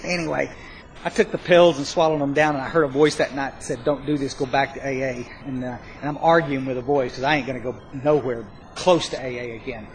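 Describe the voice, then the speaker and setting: A man telling his recovery story to a live audience, rambling and self-mocking, with bursts of loud emphasis. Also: medium pitch, brisk, slight background noise, low-quality recording. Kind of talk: spoken testimony to a live audience.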